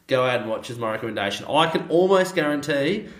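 A young man co-hosting a sports podcast, telling a story in an excitable, gushing way. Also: medium pitch, fast talker. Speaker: podcast co-host. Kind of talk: casual sports chat. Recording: roomy echo.

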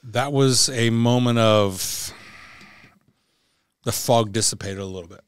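A man in his forties, a veteran guest on a podcast, telling his own story candidly in a halting way and stumbling over repeated words. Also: medium pitch, clean tone, no echo, clean studio sound.

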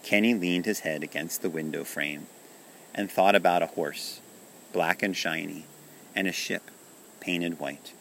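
A man reads a children's bedtime story aloud in a calm, gentle, measured voice. His voice sits very low yet sounds bright and clear. He takes his time over every phrase. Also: a little hiss or hum.

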